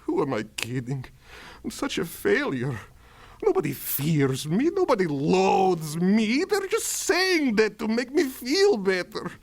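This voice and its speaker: A man's voice: wildly swooping pitch, takes it slowly, heavily acted. A man voicing a boastful, whiny alien villain overlord from a cartoon, swinging between grand boasts and tantrums. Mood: self-pitying. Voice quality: gravelly, swinging from booming to whiny. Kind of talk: cartoon voice impression.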